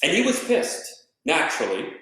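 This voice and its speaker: A man's voice: fairly high pitch, wildly swooping pitch, moderate pace, pushed and bright. A man doing a casual live-streamed comedy set at home, rambling and swearing freely. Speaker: stand-up comedian. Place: family living room. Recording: echoey living room.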